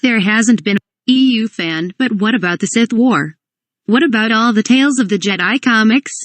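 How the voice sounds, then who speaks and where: A fairly high-pitched woman reads a comedic parody script aloud, moving between stage directions and lines of dialogue. She spells some names out letter by letter. The recording is dry and close, with no room echo. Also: moderate pace.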